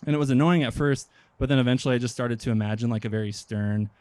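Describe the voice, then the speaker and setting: A young man from Nebraska doing a stand-up comedy set, deadpan and hesitant, with many pauses and ums. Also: mid-range voice, dry recording. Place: outdoor park stage.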